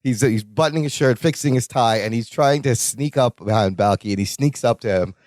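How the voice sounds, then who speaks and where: A man's voice: medium pitch, brisk, darkish tone, no echo, clean studio sound. A man co-hosting a podcast, recapping an episode in casual chat and acting out the quoted lines in raised voices. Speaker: podcast co-host.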